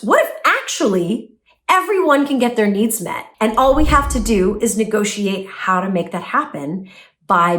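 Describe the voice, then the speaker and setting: A woman vlogger giving self-help advice straight to her viewers, animated, acting out inner voices and slowing down to stress key words. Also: on the high side. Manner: animated, acts out inner voices with gasps and mock quotes; slows to a drawn-out, emphatic delivery on key words. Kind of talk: direct-to-camera advice vlog.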